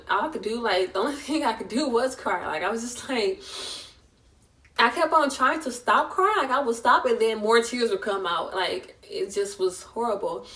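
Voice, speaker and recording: A woman's voice: mid-range voice, fairly bright tone, far from the mic. A young woman, telling an emotional personal story in a vlog and acting out the voices of the people in it. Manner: chatty, emotional retelling with voiced quotes. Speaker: vlogger.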